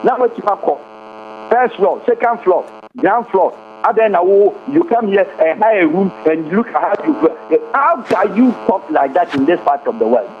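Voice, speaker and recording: A man's voice: high voice, animated, normal speed. A Ghanaian man speaking as a guest commentator, impassioned and firing off rhetorical questions. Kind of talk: heated interview talk. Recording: tinny phone-like line, faint hum.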